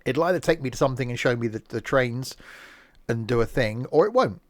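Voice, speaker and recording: A man's voice: mid-range voice, expressive, fairly quick, no echo. Rambling, self-mocking male game streamer. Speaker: streamer playing a train simulator. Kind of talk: casual live-stream commentary.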